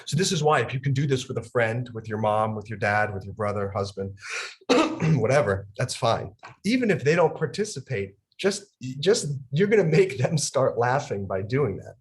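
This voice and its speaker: A young adult man from New York leading a laughter yoga session on a video call. He talks with lively energy, laughing through his words and breaking into ha-ha chants. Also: medium pitch, normal speed. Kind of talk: energetic instructional talk.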